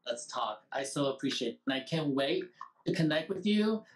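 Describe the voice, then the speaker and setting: A man's voice: a little high, lively intonation, normal speed, gravelly, a little hiss or hum, rough recording. A man hosting a web talk show, thanking his guest and wrapping up for viewers. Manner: warm thanks, upbeat wrap-up to viewers.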